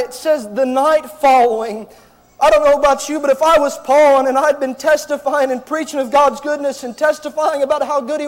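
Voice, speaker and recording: A man preaches with passion and raises his voice to a shout, calling out to his listeners as friend. His voice sits very high and stays on a narrow, flat line. The sound rings with long reverb, as in a large church hall. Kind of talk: fiery revival sermon.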